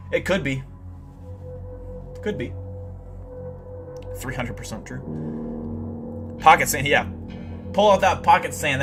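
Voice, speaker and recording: A young man streaming live, chatting casually and telling a rambling, profane, boastful story. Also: medium pitch.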